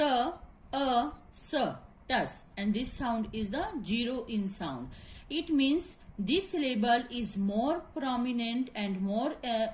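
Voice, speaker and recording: A woman's voice: a little high, slight background noise. A woman giving a classroom lecture, repeating each word and spelling the sounds out letter by letter. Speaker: teacher. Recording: echoey room.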